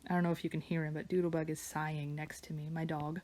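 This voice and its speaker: A woman artist chatting casually while she draws, wandering between stories and soft murmured asides about her work. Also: sits low, level tone, fast, hardly any pauses. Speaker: digital artist and vlogger. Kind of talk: casual chat while drawing. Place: home studio with her dog nearby.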